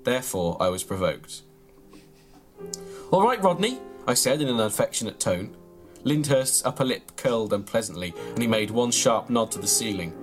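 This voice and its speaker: A man reads out an absurd comic memoir in a deadpan, mock-earnest way. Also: on the low side, fairly quick, soft background music. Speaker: comedy podcast host reading his own mock memoir. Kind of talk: deadpan comic reading of a story, then casual chat.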